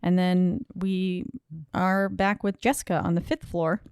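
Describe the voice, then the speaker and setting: A woman's voice: lowish voice, level tone, unhurried, a little mellow, clean tone, dry recording, studio quality. A woman co-hosting a podcast, chatting about a film's scenes with enthusiasm and filling gaps with "um" and "like". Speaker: podcast co-host recapping a film. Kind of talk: casual chat.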